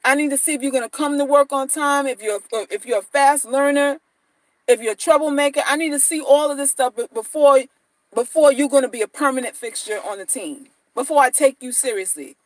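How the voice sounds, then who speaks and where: A woman's voice: high voice, brisk, no room sound, rough recording. A woman dating-advice vlogger talking casually and bluntly to viewers, slangy, mocking and repetitive.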